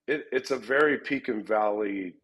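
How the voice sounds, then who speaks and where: Low-voiced man, rambling coach. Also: normal speed, fairly bright tone, breathy edge, low-quality recording. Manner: rambling, repeats words and restarts often. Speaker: MMA gym head coach. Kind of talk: conversational interview answers.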